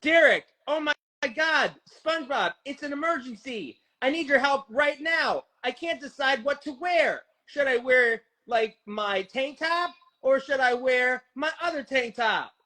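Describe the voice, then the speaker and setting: A fussy, overexcited friend making a trivial emergency sound urgent, as a man puts him on. His mock-breathless delivery sits a little above his normal talking pitch. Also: animated, unhurried, hardly any pauses, pushed and bright, full character voice. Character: fussy male friend, fake clothing emergency.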